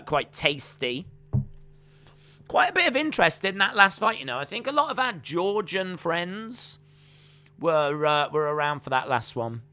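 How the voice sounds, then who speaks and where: A live-stream host runs a fight watch-along, chatting with viewers, reading their comments aloud, and calling the action play-by-play. His voice is on the high side, pushed and bright, with a clear, resonant tone.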